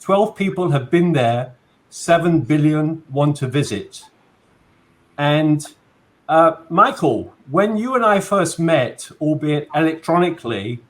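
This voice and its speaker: A man's voice: fairly high pitch, takes it slowly. Man hosting a video call interview. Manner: relaxed, friendly, with frequent fillers. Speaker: host.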